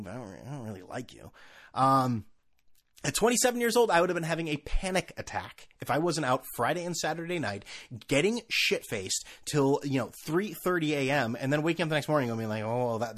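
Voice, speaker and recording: A man's voice: medium pitch, a bit bright. A man in his thirties hosting a solo podcast, talking in a sarcastic, rambling way and mimicking people in mocking voices. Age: 30s. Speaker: podcast host. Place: California.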